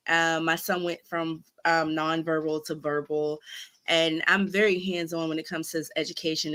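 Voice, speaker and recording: A woman's voice: sits low, bright, forceful tone. A young adult woman, a podcast guest, talking frankly and animatedly as she vents. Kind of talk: casual chat, venting.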